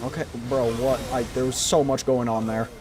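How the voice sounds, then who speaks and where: A man streaming a game live, talking excitedly to his viewers and teasing himself about his play. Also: medium pitch, normal speed, noisy background. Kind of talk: live gameplay commentary.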